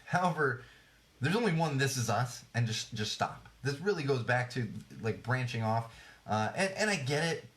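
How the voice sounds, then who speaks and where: Expressive and fairly bright at medium pitch, this thirtysomething man talks at a moderate pace on his podcast mic. He riffs sarcastically and loosely on television trends, stumbling through restarts and fillers.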